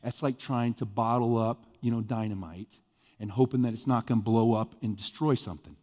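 Preaching briskly in a big hall, this Midwestern pastor keeps his sermon conversational and lively. Every so often his pitch and volume jump without warning for emphasis.

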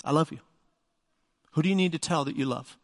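A middle-aged man preaches with an emphatic, conversational delivery, often turning to the congregation with rhetorical questions. His voice sits a little higher than most men's. The recording carries a long reverb from a church sanctuary. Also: a little fast. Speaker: pastor. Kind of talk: sermon.

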